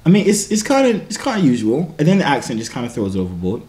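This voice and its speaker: A man's voice: medium pitch, huge pitch swings, racing, darkish tone. A young man joking and mocking himself in a casual vlog. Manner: joking, self-mocking asides. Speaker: YouTuber.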